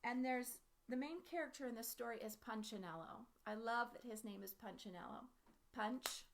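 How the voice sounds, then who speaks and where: Earnest woman vlogger, high voice, heartfelt storytelling. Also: moderate pace, background noise. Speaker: parent vlogger. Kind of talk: storytelling vlog.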